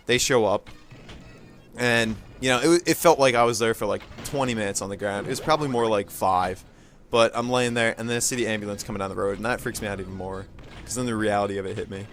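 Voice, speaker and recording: A man's voice: lowish voice, fairly bright tone. A young man casually telling a childhood story in a rambling way, full of fillers, restarts and short laughs. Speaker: gaming channel host.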